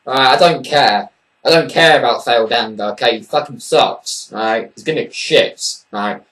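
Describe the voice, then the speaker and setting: A man's voice: medium pitch, moderate pace, a bit bright, recorded from a distance, low-quality recording. A man giving a casual spoken review of a wrestling show, blunt and dismissive, swearing freely and rambling with fillers.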